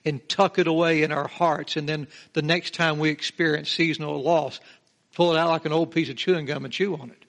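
A man's voice: a little high, fairly even intonation, fairly quick, fairly bright tone. A middle-aged male pastor teaching a Bible passage verse by verse, emphatic, drawing out key words and asking the congregation rhetorical questions.

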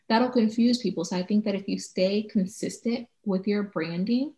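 A woman co-hosting a casual podcast chat, laughing often and animated when she acts out what others say, recorded at home. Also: mid-range voice, normal speed, hardly any pauses, reverberant, lo-fi sound. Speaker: podcast co-host. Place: home with traffic noise outside.

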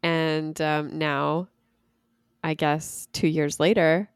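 A woman's voice: low-pitched, drawn-out words, smooth, no echo, studio quality. A woman co-hosting a podcast in casual chat, laughing often, with a sick voice. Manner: laughs often, lively and chatty. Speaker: podcast co-host.

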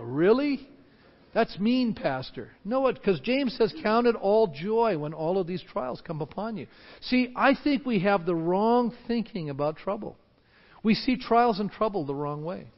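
A man preaching a sermon as pastor, animated and acting out the voices of panicked crowds. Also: high-pitched. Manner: animated, acts out shouting crowds. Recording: dull sound with long hall reverb.

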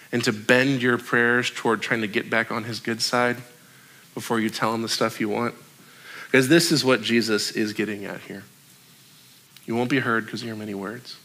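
Bright-voiced young male pastor preaching. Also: mid-range voice. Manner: conversational and joking, with quick asides. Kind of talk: sermon.

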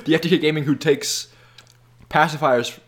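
A man's voice: mid-range voice, expressive, brisk. A man co-hosting a casual movie podcast, hesitant, with dry jokey asides. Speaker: podcast co-host.

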